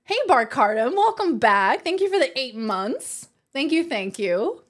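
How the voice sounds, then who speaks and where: A woman's voice: sits high, sing-song, unhurried. A woman livestreamer in casual chat, reading her viewers' messages aloud and laughing often.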